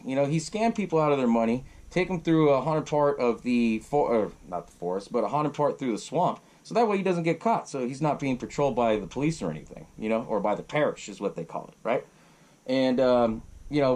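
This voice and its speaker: A man hosting a podcast, recapping a film in a casual, profane, animated way and laughing often. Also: medium pitch. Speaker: podcast host.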